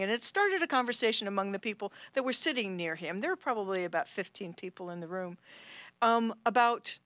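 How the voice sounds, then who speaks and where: A woman telling a true personal story on stage, animated and acting out the people in it. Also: medium pitch, a little fast, no room sound. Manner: animated, acts out quoted voices. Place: stage at a film center.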